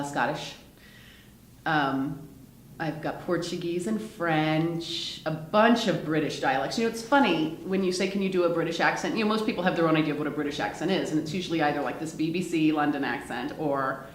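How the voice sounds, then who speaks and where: An actress chatting casually in an interview, laughing often and using plenty of fillers. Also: female voice, lowish voice, slight background noise. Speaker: actress in a one-woman show. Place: lounge at a theater. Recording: roomy echo.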